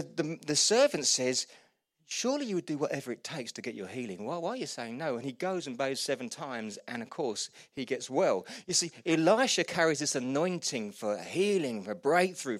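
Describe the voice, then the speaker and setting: A man preaching a sermon, retelling Bible stories with humour and animated quoted voices. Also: medium pitch, dry recording, studio quality. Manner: lively storytelling, voices quotes, laughs at own jokes.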